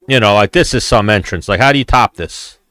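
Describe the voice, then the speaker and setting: A man's voice: on the low side, a little fast, bright, forceful tone, no room sound. A man hosting a casual fight watch-along, chatting loosely with viewers in a rambling, profane way. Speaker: host.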